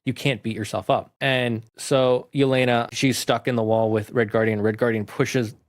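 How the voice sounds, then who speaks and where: A man's voice: mid-range voice, normal speed. Rambling man retelling a movie. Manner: rambling, animated, with restarts. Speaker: movie reviewer.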